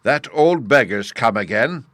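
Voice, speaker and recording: A man voicing a spoiled, violent boy who shouts and bellows roughly. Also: a little high, very animated, normal speed, no room sound, voice pushed up. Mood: rowdy.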